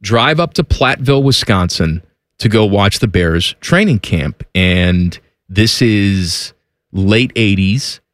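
A man hosts a radio show from a studio, spinning a story with a lively rise and fall in his voice. He acts out the people he quotes. The sound is close and dry. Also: fairly low pitch, slow, dry recording. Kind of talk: casual storytelling chat. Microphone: studio microphone.

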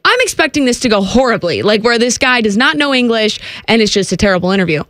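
A slightly breathless woman talks on air in a dry, close studio sound. Her voice sits fairly high, and she tells her story in a chatty, animated way. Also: fast talker, dry recording. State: a little out of breath. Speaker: sports reporter and co-host. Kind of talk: casual radio chat and storytelling. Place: radio studio.

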